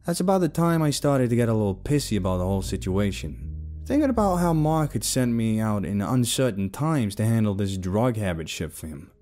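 A man narrating a first-person story in a rough, casual tough-guy way, with plenty of swearing, over faint music. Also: on the low side, sing-song, fairly quick, dark tone.

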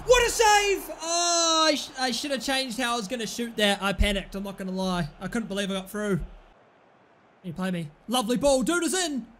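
A young man commentating his own football video game play, excitable, shouting at big moments and muttering in between. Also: extremely high pitch, a little hiss or hum. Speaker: gaming commentator. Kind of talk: live let's-play commentary.

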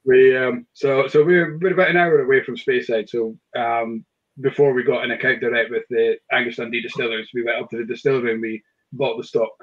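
A man's voice: mid-range voice, fairly even intonation, a little fast, dull audio. A man hosting a casual whisky chat, talking with frequent "um"s and restarts. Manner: hesitant, many fillers and restarts. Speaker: whisky shop host.

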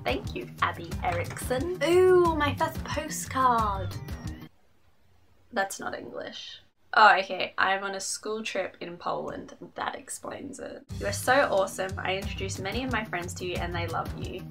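A young woman casually reading fan letters aloud on her vlog, with lively asides. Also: medium pitch, vocal fry. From Australia. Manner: bubbly, reads letters aloud with quick asides. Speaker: YouTuber reading fan mail. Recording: music playing under the voice.

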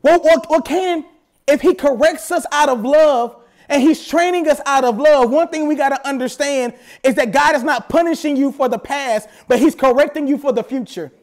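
A man preaching a sermon as pastor at a church service, animated, with playful asides. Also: very high-pitched, normal speed.

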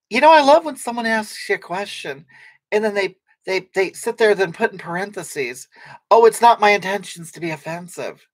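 A woman's voice: medium pitch, dry recording. A woman playing a brash, sarcastic livestream personality who rambles and snaps back at viewers' comments. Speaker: livestream comedy character. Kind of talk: improvised comedic livestream chat.

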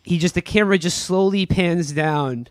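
A man with a somewhat high voice riffs casually on a podcast. His talk rambles, full of fillers and half-finished thoughts. The sound is dry and close, with no room around it. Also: moderate pace, no echo. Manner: rambling storytelling with frequent fillers and mock voices. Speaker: podcast co-host. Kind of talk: casual comedic movie review chat.

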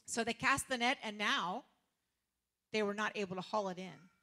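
A woman preacher, giving a lively sermon full of laughter, casual slang and sarcastic humor. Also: medium pitch, moderate pace.

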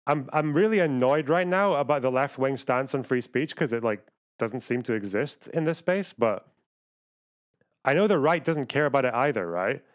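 Profane streamer arguing with chat. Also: male voice, medium pitch, expressive. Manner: profane, argumentative, rapid asides to chat. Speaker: livestreamer. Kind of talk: live stream commentary, reacting to chat.

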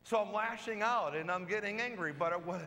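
A man preaches in a church, his voice pitched high for a man and ringing bright. He tells stories in an easy, conversational way and acts out the lines he quotes, and the sound rings with the long reverb of the church. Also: a little fast. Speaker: pastor. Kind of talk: sermon.

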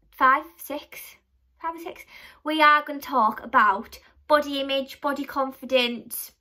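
A young woman chats straight to her camera at home, her voice pitched high and bright. She rambles from story to story and pokes fun at herself as she goes. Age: young adult. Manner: chatty, rambling, self-mocking storyteller. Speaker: vlogger. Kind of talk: casual chat to camera.

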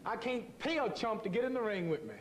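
A man's voice: sits high, lively intonation, quick pace. A man, a boxer, talking brashly and bragging in archive footage. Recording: archive footage with a crowd behind.

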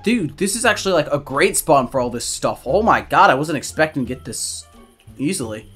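Young guy gaming host, bright voice, jumpy, yelps and swears a lot. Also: a little high, animated, brisk, slightly rough, soft background music. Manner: jumpy, yells and screams when startled, swears freely. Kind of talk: gaming commentary.

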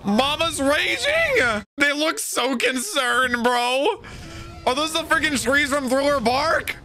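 A young man hosting a casual anime reaction, talking to himself and breaking into loud excited outbursts. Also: very high-pitched, slow, faint music behind.

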